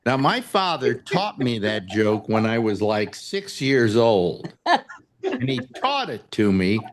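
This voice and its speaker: A man's voice: medium pitch, sing-song, takes it slowly, background noise. A man hosting a talk show, telling jokes and rambling stories in casual chat. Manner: rambling storyteller, breaks into sung and acted voices. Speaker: radio talk show host.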